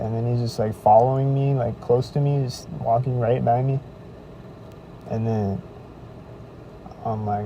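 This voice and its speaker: A man's voice: medium pitch, flat delivery, normal speed, warm tone, highs cut off. A man telling a rambling, profane story in a casual podcast monologue, recorded outdoors near traffic. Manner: rambling, profane, quotes others in raised voice. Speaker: podcast host.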